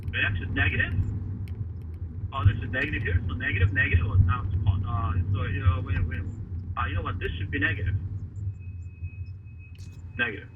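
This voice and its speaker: A man teaching a math lesson, talking haltingly with many fillers and quizzing the class. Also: mid-range voice, distant mic. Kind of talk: classroom lecture at a board. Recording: faraway voice over a tinny, noisy line.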